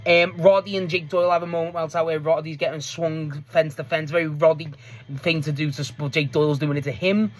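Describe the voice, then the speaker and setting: In a steady tone at medium pitch and a fairly quick pace, a wrestling show reviewer rambles casually through a match recap. They swear freely, laugh often and frequently restart their sentences.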